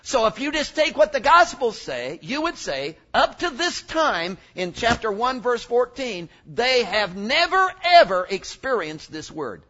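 A man's voice: very high voice, very animated, unhurried, few pauses, bright, forceful tone, highs cut off. A male preacher giving a sermon, joking and emphatic, working up from asides to strong points.

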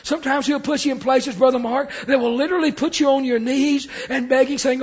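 High-voiced preacher man, lo-fi. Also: fairly even intonation, brisk, hardly any pauses, slightly rough. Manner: storytelling preacher, repeats words, builds to shouts. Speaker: pastor. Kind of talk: sermon.

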